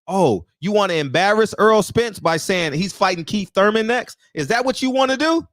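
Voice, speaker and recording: A man's voice: sits high, expressive, moderate pace, hardly any pauses, fairly bright tone, no echo, studio quality. A man hosting a commentary show, ranting heatedly and firing off rhetorical questions. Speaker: boxing commentary host.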